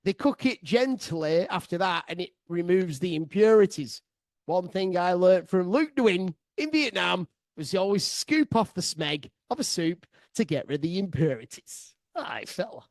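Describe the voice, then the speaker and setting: Excitable, swearing man telling a tale. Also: high-pitched, normal speed, no echo. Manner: excitable, swearing, bursts of laughter. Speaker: podcast storyteller. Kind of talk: sweary comic travel anecdote.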